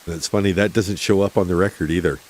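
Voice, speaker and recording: Deep-voiced man hosting a chatty stream. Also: steady tone, fast, noisy background. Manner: chatty and rambling, talks to his chat. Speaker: true crime livestream host. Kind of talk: casual livestream commentary.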